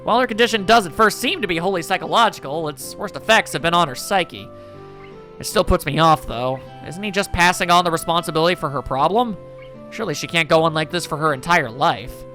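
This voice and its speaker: Bright-voiced man reading a visual novel. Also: a little high, a little fast, soft background music. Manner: reflective first-person narration. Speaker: let's play host.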